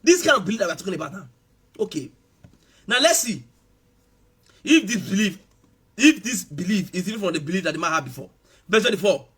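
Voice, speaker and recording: A pastor preaching a sermon with passion, repeating his phrases and breaking into shouts for emphasis. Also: sits high, sing-song, brisk, pauses often, husky.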